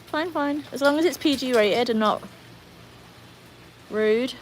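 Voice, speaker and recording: A woman's voice: a little high, a little slow, slight background noise, low-quality recording. A British woman, hosting a casual livestream from home, chatting with viewers and her dogs. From Britain. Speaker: livestream host.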